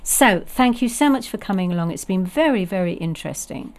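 A woman presenting on local radio, friendly and brisk as she wraps up an interview. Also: mid-range voice, animated.

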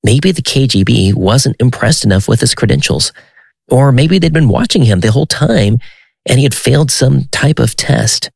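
A man narrating a documentary in a measured, slightly wry scripted delivery. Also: medium pitch, animated, gravelly, a little mellow, dry recording.

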